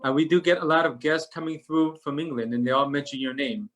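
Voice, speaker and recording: A man's voice: a little high, fairly even intonation, fast talker, a bit bright. A man giving a genial, friendly introduction to open a video call. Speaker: opening host.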